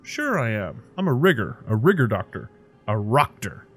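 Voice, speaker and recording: A man's voice: mid-range voice, sing-song, moderate pace, soft background music. Man doing a rowdy hungover street doctor. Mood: boisterous. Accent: Midwestern American put on. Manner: boisterous, jokey, words piling together. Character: cheerful hungover middle-aged male street doctor.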